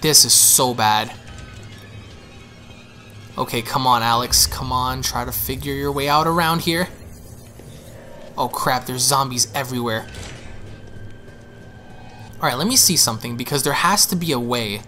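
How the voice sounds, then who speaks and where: A young man giving excitable, panicky let's play commentary, repeating himself as he goes. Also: mid-range voice, measured pace, long pauses, soft background music. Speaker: gaming streamer.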